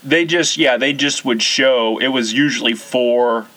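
Bright-voiced man hosting a casual chat. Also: mid-range voice, measured pace. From US Central region. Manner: rattles off lists, chatty and relaxed. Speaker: podcast host.

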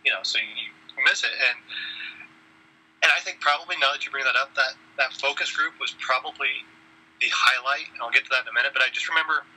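Husky middle-aged man telling a rambling story. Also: mid-range voice, fast, sharp tone, low-quality recording. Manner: rambling, self-deprecating, restarts sentences. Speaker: podcast co-host. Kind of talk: casual storytelling chat.

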